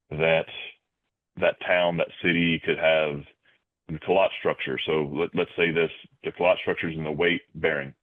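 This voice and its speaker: A man talking as a podcast guest in conversational interview answers, measured and full of "you know" and repeated words, heard over a tinny remote line. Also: low-pitched.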